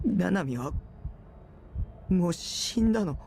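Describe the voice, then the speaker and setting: A man doing a frightened teenage boy who stammers and pleads, his voice jumping up and down in pitch. It comes as a streamer voices the game hero himself. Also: expressive, takes it slowly, vocal fry, noisy background, heavily acted.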